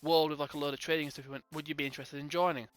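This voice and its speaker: A man's voice: fairly high pitch, little pitch movement, very fast, clear, resonant tone. A young man casually telling a rambling gaming storytime, acting out both sides of the conversation. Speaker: gaming channel host.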